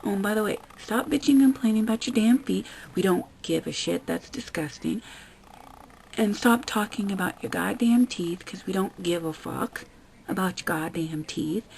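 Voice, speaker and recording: A woman's voice: mid-range voice, creaky, a little hiss or hum, rough recording. A woman vlogger ranting bluntly with lots of swearing, sounding fed up. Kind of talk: ranting commentary vlog.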